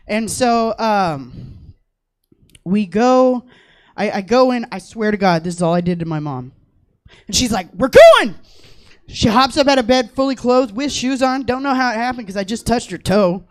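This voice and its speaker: A young woman performing stand-up comedy, telling a story in a profane, animated way and acting out the people she quotes. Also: medium pitch. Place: comedy theater stage.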